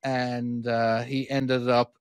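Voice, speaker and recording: A man's voice: mid-range voice, little pitch movement, slow, clean tone, dry recording. An Irish man chatting on a podcast, wandering through his thoughts and restarting sentences as he goes. His voice sits mid-range and is recorded dry and close, with no room around it. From Ireland. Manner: rambling, restarts often, chuckles easily. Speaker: podcast co-host. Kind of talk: casual chat.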